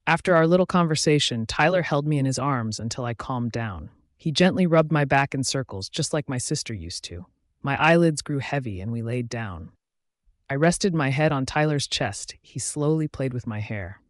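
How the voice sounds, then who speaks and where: A man narrating a fantasy romance audiobook in the first person, in an even storytelling delivery. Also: mid-range voice, normal speed, no room sound, studio quality.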